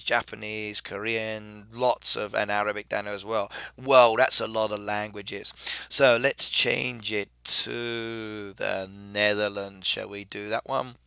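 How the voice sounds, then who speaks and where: Guy with a cold streaming a farm game, smooth but gravelly voice, dry close mic. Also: fairly low pitch, bright, forceful tone, dry recording. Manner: chatty, answers viewer comments with filler uhs. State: has a cold. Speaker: live-stream gamer. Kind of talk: casual live-stream chat reading comments.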